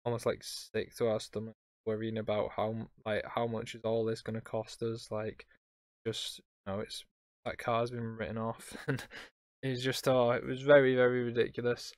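A man's voice: mid-range voice, flat delivery, moderate pace, no room sound, studio quality. A young man hosting a podcast, telling a story casually and rambling, with lots of fillers and restarts. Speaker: podcast host.

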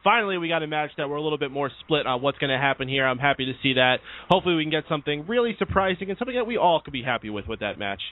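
A man hosting a wrestling radio show, moderating the panel in a brisk, casual way. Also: a little high, expressive. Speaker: podcast host. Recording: phone-line audio.

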